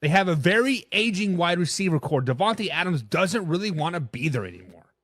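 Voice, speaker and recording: A man with a high-sitting voice talks a little fast while hosting a live sports talk stream. He responds to chat viewers with blunt opinions, and when he gets excited he stumbles and repeats words.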